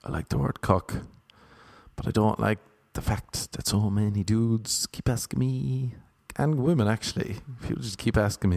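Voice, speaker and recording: A man with an Irish accent telling rambling, self-mocking stand-up stories in a deadpan way. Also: on the low side, moderate pace, creaky. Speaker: comedian. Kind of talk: stand-up storytelling.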